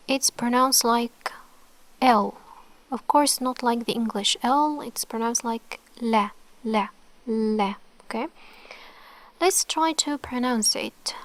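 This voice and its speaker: A woman's voice: fairly high pitch, no room sound. A woman teaching the Arabic alphabet online, patiently sounding out letters and words, often checking in with "okay?" and dropping to a near whisper on single sounds.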